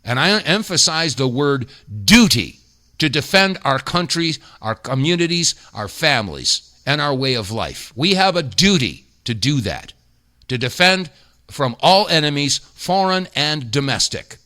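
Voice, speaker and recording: A man's voice: fairly high pitch, very animated, unhurried, sharp tone. A man hosting a talk radio show, delivering indignant, emphatic commentary full of rhetorical questions. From United States.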